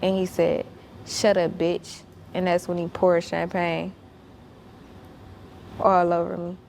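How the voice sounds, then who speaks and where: A woman's voice: fairly low pitch, monotone, unhurried, gravelly, darkish tone, slight background noise. A woman telling a story as a guest. She speaks bluntly and emphatically, swears a lot, and repeats herself when worked up.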